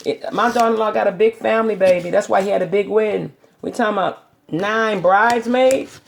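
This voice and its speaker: A woman's voice: mid-range voice, fairly quick, gravelly, a little hiss or hum. A middle-aged woman vlogging from her home kitchen, telling rambling stories in a chatty, casual way. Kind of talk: casual chat.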